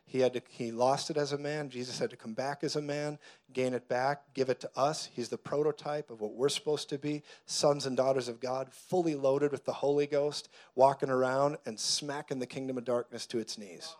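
A man preaching a sermon, moving between quiet, intense stretches and loud, joking outbursts where he laughs and acts out voices. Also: mid-range voice. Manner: preaching with humor, acting out voices. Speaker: pastor.

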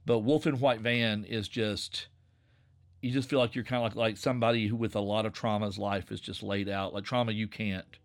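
A man in his forties with a Southwest Virginia Appalachian accent, talking casually and wandering from story to story. His voice is slightly nasal with a gravelly edge, and he sounds relaxed and easygoing. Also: on the low side, moderate pace. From Southwest Virginia, USA. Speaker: podcast creator and narrator. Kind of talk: casual conversation.

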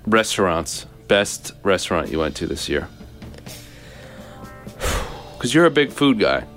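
A young man hosting a casual podcast chat with a friend, teasing and firing off quick questions. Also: low voice, sing-song, a bit bright, faint music behind. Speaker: podcast host.

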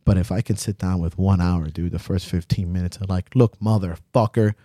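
A man's voice: low voice, flat delivery, brisk, mellow, no echo, studio quality. A young man co-hosting a podcast, talking bluntly and emotionally, swearing freely. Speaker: podcast co-host. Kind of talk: candid podcast chat.

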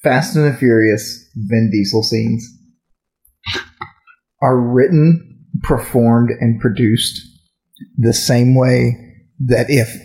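A man's voice: mid-range voice, steady tone, slow pace, long pauses, darkish tone. A man in casual chat given to joking, mock-outraged rants.

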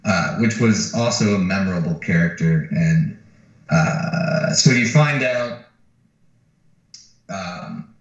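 A low-voiced man speaks slowly with long pauses while co-hosting a podcast, casually retelling a film plot with heavy swearing and animated, acted-out lines. He's far from the mic in a very echoey room, and the audio sounds dull.

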